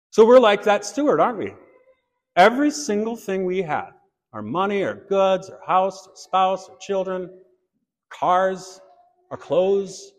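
A man preaching a sermon in church, earnest, turning to a light personal story now and then. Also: high-pitched. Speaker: pastor. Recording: long reverb of a church hall.

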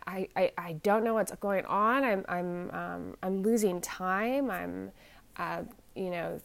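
A woman in her forties tells a personal story in a halting, shaken way, full of restarts and fillers, anxious as she talks. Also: lowish voice, fairly even intonation, vocal fry, clear, resonant tone. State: shaken and anxious while telling it. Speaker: vlogger.

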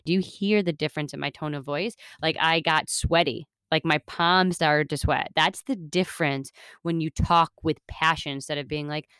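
A woman hosts a self-help podcast in a deep, clear, resonant voice that's fairly bright, with fairly even intonation and a moderate pace. She speaks earnestly and motivationally, rambling with lots of fillers, in a clean studio recording free of room sound.

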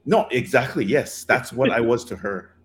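A man's voice: mid-range voice, normal speed, a little hiss or hum. A man in casual chat, telling a dating story in a rambling way with many fillers and restarts.

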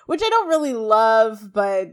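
A woman co-hosting a podcast, chatting casually and reading scene quotes aloud quickly in an animated way. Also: fairly high pitch. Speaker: podcast co-host. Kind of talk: casual recap chat.

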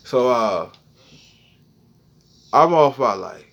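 A man hosting a podcast, telling a crude freestyle story in an excitable way, repeating words and phrases and jumping high when he relives a panic. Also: normal speed. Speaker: podcast host.

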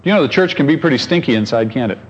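A man's voice: mid-range voice, lively intonation, racing, slightly rough, dull audio. A pastor preaching a conversational sermon, asking his congregation questions and telling stories.

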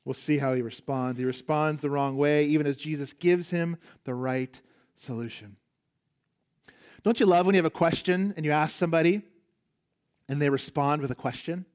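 High-voiced male pastor preaching emphatically. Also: moderate pace, a little mellow, clear, resonant tone. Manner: emphatic, repeats key phrases for weight; rhetorical questions to the congregation. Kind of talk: sermon.

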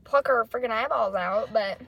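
Young female podcast co-host, higher voice, blunt and lively, light background hiss. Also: normal speed, creaky, lo-fi sound. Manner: animated, swears freely, acts out quotes. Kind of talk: casual chat.

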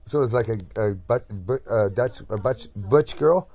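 A man's voice: mid-range voice, normal speed, a little mellow. A man hosting a casual podcast chat at home, crude and joking, rambling from one thing to the next. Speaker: podcast host.

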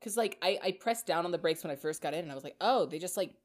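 A young woman with a somewhat low voice chats casually as a podcast co-host. She tells stories with a loose, rambling rhythm and stumbles over her words when she reaches the nervous parts. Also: animated, fast. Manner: storytelling, stammers when retelling nervous moments. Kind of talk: casual chat.

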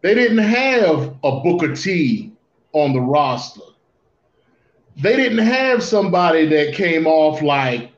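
A man co-hosting a casual wrestling talk show, speaking deliberately and often restarting his phrases. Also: a little high. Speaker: podcast co-host. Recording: roomy, dull lo-fi sound.

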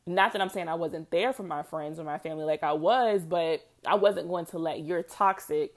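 A woman's voice: fairly low pitch, moderate pace. A woman hosting her own podcast, talking alone in a chatty, reflective way with lots of fillers and frequent laughter. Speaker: podcast host. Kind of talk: casual solo podcast monologue.

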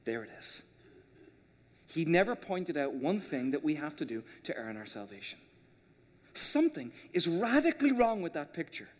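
A high-pitched man delivers an impassioned sermon in a big church sanctuary, his voice trailing off into long reverb. He preaches with fervor, dropping low and soft, then pushing hard on key words. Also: sing-song, moderate pace. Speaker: pastor. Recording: long reverb of a large hall.

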